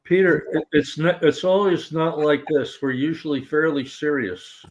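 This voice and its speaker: A man's voice: fairly high pitch, normal speed, rough recording. A man with a Tennessee drawl co-hosting a livestream in a casual chat, making dry joking asides. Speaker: co-host.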